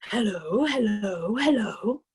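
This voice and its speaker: A woman's voice: medium pitch, lively intonation, a little mellow, husky, exaggerated voice. A woman voicing a talking parrot from a storybook, squawking greetings and mimicking a spooky voice. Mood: squawky. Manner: squawky repeated greetings, eerie slow whisper. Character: chattering blue and yellow parrot, mimicking voices.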